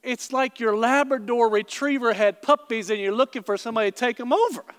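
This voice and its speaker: A man preaching a sermon to a congregation in a large church auditorium. He tells stories in an animated way and turns to the congregation with quick asides. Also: very high voice, clear, resonant tone. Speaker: pastor. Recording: long hall reverb in a large room.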